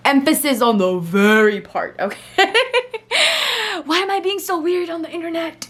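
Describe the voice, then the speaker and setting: Chatty young woman, slightly high voice. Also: a little slow. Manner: chatty and digressive, laughs at herself; animated when retelling arguments. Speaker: vlogger. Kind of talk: casual storytime monologue.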